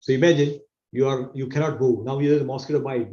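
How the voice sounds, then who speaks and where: A man's voice: medium pitch, steady tone, quick pace, mellow. A man teaching a scripture class, explaining earnestly and repeating his key phrases for emphasis. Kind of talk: explanatory sermon to an online audience. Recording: roomy, dull-sounding recording.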